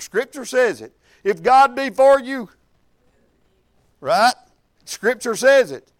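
A middle-aged preacher man with a drawl and a notably high voice tells homespun stories in a loose, repetitive way. His delivery climbs into emphatic, rhythmic cadences when he quotes scripture. The sound is dry and close, with no room around it. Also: expressive, takes it slowly, pauses often, no room sound. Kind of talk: informal sermon with personal stories.

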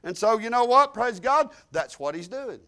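An older man with a drawl preaching, his voice sitting unusually high for a man. He spins homespun stories, dropping into quiet asides and then rising into loud, emphatic declarations. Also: very animated, moderate pace. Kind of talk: sermon.

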